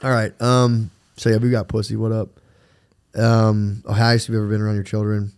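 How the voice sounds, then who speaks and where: A man's voice: lowish voice, little pitch movement, brisk, darkish tone, clean tone. A man in his thirties co-hosting a podcast, chatting in a laid-back way, swearing often, laughing and reading out listener questions. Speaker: podcast co-host. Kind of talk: casual chat.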